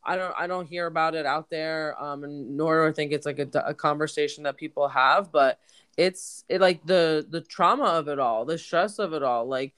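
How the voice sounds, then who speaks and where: A woman co-hosting a casual podcast, congested and hoarse-sounding, talking candidly and swearing freely. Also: low voice, moderate pace, fairly bright tone. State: congested, voice deepened. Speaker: podcast co-host. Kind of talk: casual chat.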